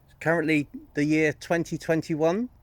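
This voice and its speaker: A man working as a paranormal investigator, calling out to spirits in an abandoned building with slow, calm questions and pauses. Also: fairly high pitch, no echo.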